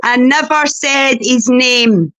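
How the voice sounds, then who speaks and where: A woman's voice: sits high, takes it slowly, a bit bright, no room sound. Scottish woman, blunt, heavy swearing, livestream chat, dry sound. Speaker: guest on a livestream panel.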